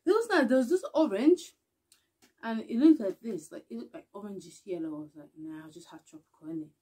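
A young woman talks casually to her camera. Her voice sits at a middling pitch, and she laughs often between lines. She often sinks into quiet, mumbled asides. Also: expressive, a little fast, slightly rough. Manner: chatty, laughs often, mumbles and hums softly. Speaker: vlogger.

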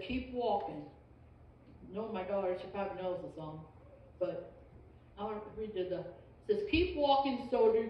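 A woman's voice: medium pitch, a little hiss or hum. Lady teaching sunday school, folksy, says amen a lot, far off in a big echoey church, kinda muffled. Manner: folksy, emphatic, repeats amen. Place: church sanctuary. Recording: distant echoey church recording, dull.

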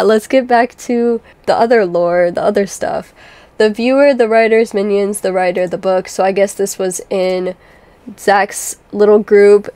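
A gaming video creator chats casually with her viewers about game lore, filling her talk with fillers and asides and repeatedly addressing the audience. Her mid-range voice is a little mellow, with no echo.

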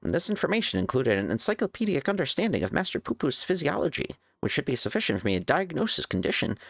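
A man's voice: fairly high pitch, sing-song, fast, gravelly, fairly bright tone, no room sound, clean studio sound, soft background music, pitched above the performer's own voice, exaggerated voice. A man voicing a nerdy, brainy male clone of an inspector in a prim, precise voice.

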